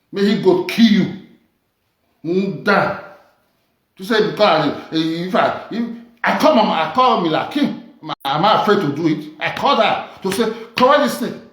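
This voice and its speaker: A woman's voice: low-pitched, roomy sound. A Nigerian woman vlogger speaking Nigerian Pidgin English in a combative, mocking rant full of repeated taunts. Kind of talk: ranting monologue.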